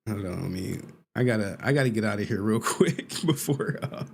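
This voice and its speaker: A man's voice: fairly low pitch, lively intonation, moderate pace, gravelly, slightly rough. A man hosting a casual livestream, laughing often, joking and swearing as he talks. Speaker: streamer host.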